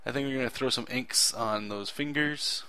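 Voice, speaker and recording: A man's voice: mid-range voice, normal speed, bright, forceful tone, slight background noise. A man talking casually over his own drawing video, rambling earnestly with frequent self-corrections. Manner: earnest and enthusiastic about clear storytelling. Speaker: artist narrating his drawing process.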